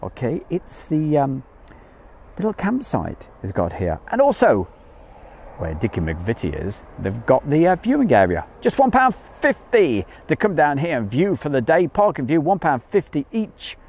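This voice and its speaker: A man's voice: a little high, huge pitch swings, moderate pace, darkish tone. A man hosting a live stream outdoors from a campsite field, chatting in a jokey way and greeting viewers by name. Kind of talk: casual live-stream chat.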